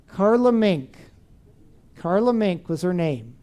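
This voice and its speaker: A man's voice: high voice, expressive, measured pace, warm tone. A man giving a storytelling talk on teaching children, who asks his audience questions as he goes. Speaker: speaker on teaching and parenting.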